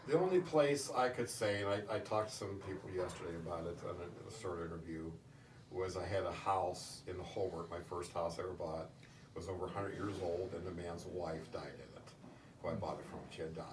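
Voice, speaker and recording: Middle-aged man, low voice, halting storytelling, roomy distant sound, slight hiss. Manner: halting, with many restarts and fillers. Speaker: interviewee. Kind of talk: casual storytelling in an interview. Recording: distant roomy recording with faint noise.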